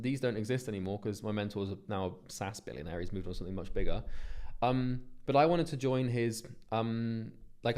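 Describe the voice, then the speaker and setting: A man's voice: mid-range voice, darkish tone. A man, talking earnestly and bluntly in a motivational vlog monologue, swearing freely and restarting his sentences. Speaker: business coach.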